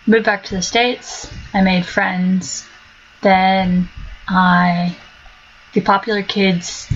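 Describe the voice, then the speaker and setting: A woman's voice: on the low side, a bit bright. A woman in her twenties telling stories about her own life in a casual, wry way, with joking asides and frequent ums, as a vlogger. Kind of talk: casual storytelling. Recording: dull lo-fi home recording with faint noise.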